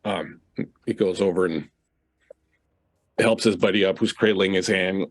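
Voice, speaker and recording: A male game master narrating a tabletop role-playing game, painting each scene in easy description with many uhs along the way. His voice is on the low side and recorded close and dry. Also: steady tone, unhurried, long pauses, no echo.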